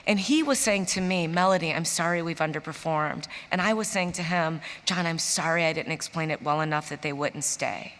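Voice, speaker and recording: A lower-pitched woman from Chicago tells her stories on a conference stage. She gets animated and acts out the people she quotes. Her voice carries the long reverb of a big hall. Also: fairly quick, hardly any pauses. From Chicago, USA. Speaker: interview guest, business executive. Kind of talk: storytelling in a stage interview.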